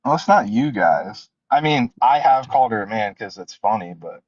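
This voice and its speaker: Dismissive, lively-voiced man over crowd noise. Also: lowish voice, moderate pace, dull audio. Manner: dismissive, laughing, teasing. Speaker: debate guest. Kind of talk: heated live debate.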